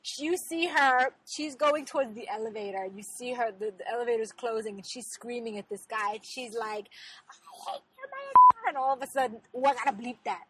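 A woman co-hosting a podcast in casual chat, playful, with short reactions and lively retellings. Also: fairly high pitch, brisk, hardly any pauses, background noise. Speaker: podcast co-host.

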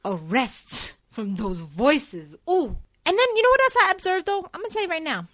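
Female co-host, higher register, chatty and animated, dry close sound. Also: moderate pace, dry recording. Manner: chatty, animated, full of fillers and laughs. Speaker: soap opera recap host. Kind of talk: casual chat.

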